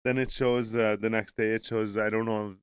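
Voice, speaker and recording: Casual guy, smooth clear voice, dry close mic, rambling and profane. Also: level tone, normal speed, no room sound. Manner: rambling storyteller, swears a lot, acts out characters in high voices. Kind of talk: casual chat among friends.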